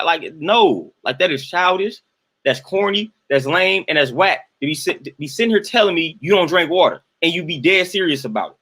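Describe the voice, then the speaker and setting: A young man on a live stream, ranting in an exasperated, emphatic way. His voice sits a little high for a man, and he hammers his points by repeating them. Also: bright, forceful tone. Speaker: host ranting to live chat.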